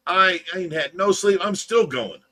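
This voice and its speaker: A man's voice: high-pitched, animated, measured pace, bright, forceful tone. An older man hosting a livestream, chatting in a folksy, rambling way and telling stories with mock offense. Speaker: host of fish rescue livestream. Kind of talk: casual livestream chat.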